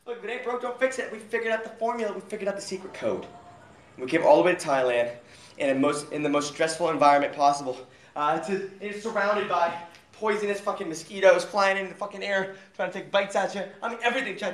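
A young man livestreaming who hypes up his chat with loud, profane shouting. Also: sits high. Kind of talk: hyped livestream hype-up. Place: outdoors at night in a warm, mosquito-filled spot. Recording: echoey live stream audio.

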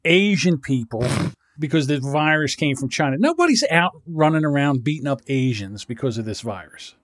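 Podcast guy, kinda high voice, super animated, rambles and swears a lot. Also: normal speed, no room sound, clean studio sound. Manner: rambling, profane, laughs often. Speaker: podcast co-host. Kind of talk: casual podcast banter.

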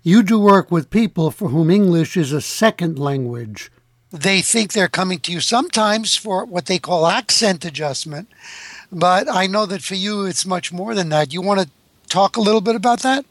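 Enthusiastic North American host, dry sound. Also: male voice, high-pitched, expressive, moderate pace, dry recording. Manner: enthusiastic, chatty. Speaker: interview host. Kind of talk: interview conversation.

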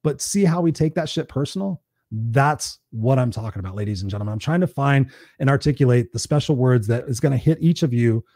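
A man's voice: mid-range voice, animated, fairly quick, warm tone, dry recording, clean studio sound. A man hosting a live stream, giving a blunt, preachy motivational talk in a casual, conversational way and swearing freely.

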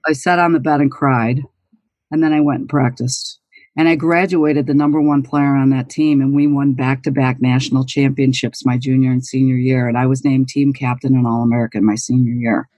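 A woman in her sixties from New York State, a former college golfer, speaks as an interview guest, telling her story earnestly, emphatically and candidly. Her voice rumbles low with a flat delivery and a mellow tone, moving fairly quickly. There is no echo on the recording.

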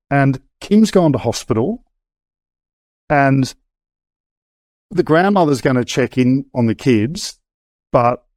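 A middle-aged interview guest tells his story frankly and casually in a medium-pitched, slightly mellow voice, with many hesitations and restarts. It's candid conversational storytelling, recorded dry.

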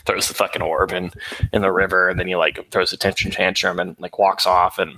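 A man's voice: sits low, level tone, a little fast, sharp tone, dry recording, low-quality recording. A young man from West Virginia co-hosting a podcast, chatting casually and laid-back about a book, swearing and laughing often. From West Virginia, USA. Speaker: podcast co-host.

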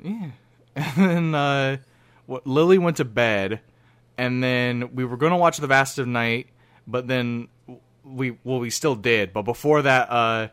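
A man's voice: mid-range voice, a little slow, a bit bright, clean tone. A man chatting casually on a group podcast, telling a long story with many restarts. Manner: rambling, self-interrupting storyteller. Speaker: podcast co-host.

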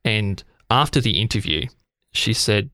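Australian male podcast host, gravelly low voice, eager interviewer. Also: lively intonation, unhurried, bright, forceful tone, no room sound, clean studio sound. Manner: enthusiastic, complimentary, chatty. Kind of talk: interview conversation.

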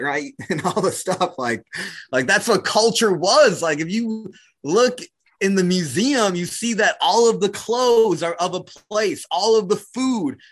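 Casting: male guest, New Zealand accent, relaxed chatty delivery, voice sits a little high. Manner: casual, heavy use of "like" and "right?", laughs easily. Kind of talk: reflective conversational interview.

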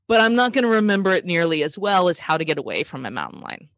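A woman co-hosting a conversational talk, explaining ideas about relationships and stressing key points slowly. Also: fairly low pitch, sing-song, fairly bright tone, no room sound, studio quality.

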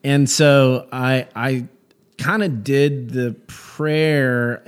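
A man who does stand-up comedy, a guest in a casual conversation, telling stories in a lively way with many restarts and false starts. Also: medium pitch, very slow, clean tone. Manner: animated storyteller, many restarts.

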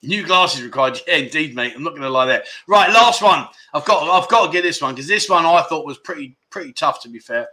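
A man's voice: on the high side, expressive, fairly quick, few pauses, bright, forceful tone. A man hosting a casual livestream quiz, chatting and teasing viewers as he reads their comments aloud. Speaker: livestream host.

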